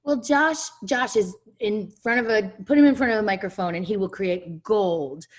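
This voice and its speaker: A woman's voice: medium pitch, moderate pace. A woman from the film team on a video call panel, telling a story in a thoughtful, reflective way.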